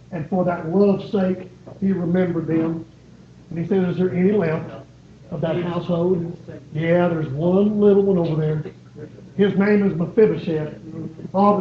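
A man's voice: high voice, a little hiss or hum. A man preaching a sermon, pleading and repeating his points with rising emphasis. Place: church. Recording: echoey, dull church recording.

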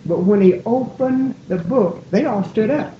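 A woman preaching a sermon in a church, folksy and digressive, often breaking off and gently poking fun at herself. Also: on the high side, unhurried, slight background noise. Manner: digressive, folksy, self-deprecating. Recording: roomy, dull lo-fi church recording.

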